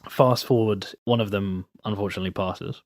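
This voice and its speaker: A young man chatting casually as a podcast guest, telling a long story in a relaxed way and acting out his friends' lines. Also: fairly low pitch, a little fast, dry recording, clean studio sound. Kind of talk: casual chat.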